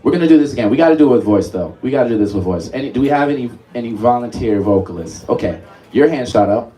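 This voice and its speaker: A man's voice: mid-range voice, animated, quick pace, warm tone. A man leading a live music workshop, coaxing the group along and laughing often. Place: workshop room with live audience.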